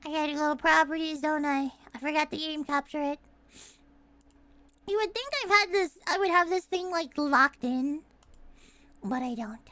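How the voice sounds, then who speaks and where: Brief: young woman streamer, very high bright voice, loud and excitable. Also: normal speed, long pauses, no room sound. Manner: excitable, loud outbursts and frequent laughter. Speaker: streamer and voice actress. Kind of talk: casual live-stream chat.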